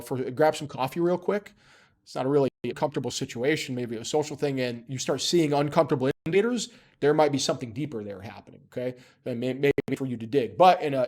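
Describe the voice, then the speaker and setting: A slightly high, darkish male voice leads a chatty, informal lesson as an instructor. He speaks emphatically, checks in often by saying "okay?", and likes to crack jokes along the way.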